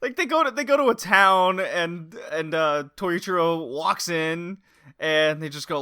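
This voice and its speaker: A man's voice: a little high, a little slow, pushed and bright, clean tone, no room sound, clean studio sound. A man co-hosting a podcast, chatting casually and repeating words as he gropes for them. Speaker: podcast co-host. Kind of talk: casual chat.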